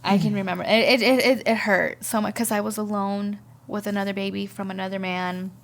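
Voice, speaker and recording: Her voice is creaky and gravelly, pitched in the middle range, and her tone holds steady throughout. She is a podcast guest giving a personal testimony, and she pauses and stumbles, often saying words twice as she recalls the past.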